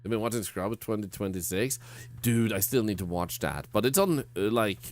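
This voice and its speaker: A man with a fairly low, expressive voice streams a horror game at normal speed. He chats casually with viewers, rambling and stammering through self-mocking jokes as he plays.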